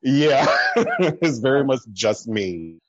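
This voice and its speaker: A man chatting casually as a podcast guest, telling stories full of fillers, laughing often and jumping higher in pitch when he quotes people. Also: slow, dry recording, lo-fi sound. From American Midwest. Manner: animated storyteller, swings up in pitch when quoting people. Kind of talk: casual chat.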